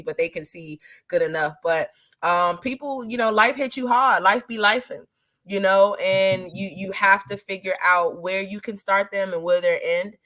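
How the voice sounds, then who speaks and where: A woman's voice: on the low side, fairly bright tone. A woman firearms instructor chatting casually in an interview, laughing often and talking in a loose, colloquial way. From Maryland area.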